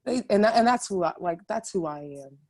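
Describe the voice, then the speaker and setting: A woman's voice: mid-range voice, animated, moderate pace, vocal fry, a little mellow. A woman from Ohio, a chef, talking animatedly as a podcast guest, often restarting her sentences. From Ohio, USA. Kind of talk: casual interview chat.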